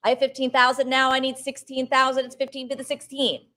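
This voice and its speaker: A woman auctioneer with a notably high voice runs a live sale, rattling off bid amounts in a steady chant. She keeps urging bidders to raise once more and slips in brief remarks on the artwork between calls. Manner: brisk chanted bid calls, coaxing bidders, quick art commentary.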